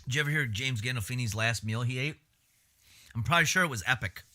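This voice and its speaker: A man's voice: mid-range voice, quick pace, pushed and bright, a little hiss or hum. A man chatting casually on a livestream, laid-back and swearing freely while he eats.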